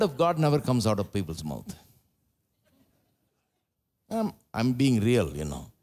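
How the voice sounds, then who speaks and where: A man with an Indian English accent preaches a sermon at a live church service. His voice sits at a middle pitch but keeps leaping up for loud, emphatic lines before settling back into low, conversational asides. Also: huge pitch swings, a little slow, long pauses. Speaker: pastor.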